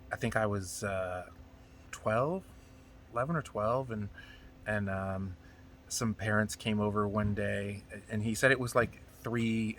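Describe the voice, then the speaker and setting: A man's voice: fairly low pitch, a little hiss or hum. A man in his forties telling a rambling, profane personal story in a casual monologue. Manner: rambling, profane, animated retelling. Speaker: comedian telling stories.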